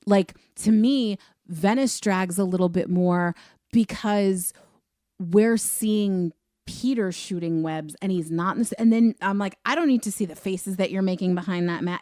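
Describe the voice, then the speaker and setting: A woman co-hosting a film review podcast in a chatty, animated way. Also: lowish voice, no echo, clean studio sound. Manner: chatty, animated, laughs easily. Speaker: podcast co-host. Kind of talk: casual film review chat.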